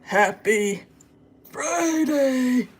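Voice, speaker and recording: A woman's voice: high voice, lively intonation, very slow, a little hiss or hum. A woman chatting casually in a home vlog, playful and slangy, talking from her kitchen. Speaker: vlogger and mom.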